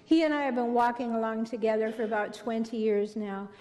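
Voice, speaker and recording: A middle-aged woman giving a spiritual talk on relationships to an audience, telling stories with gentle emphasis. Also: a little high, a little fast. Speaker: relationship speaker. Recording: long hall reverb.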